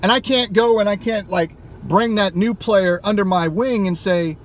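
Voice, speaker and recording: A man's voice: sits high, normal speed, hardly any pauses, slight background noise. A man vlogging from inside a car, delivering an emphatic, heated rant and swearing freely. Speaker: gaming YouTuber. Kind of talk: impassioned car vlog rant.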